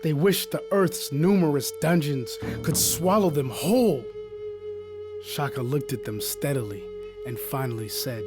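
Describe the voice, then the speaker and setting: A man reading an epic poem aloud as an audiobook, in measured, solemn storytelling. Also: on the high side, expressive, music in the background. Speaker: audiobook reader. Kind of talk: scripted narration of an epic poem.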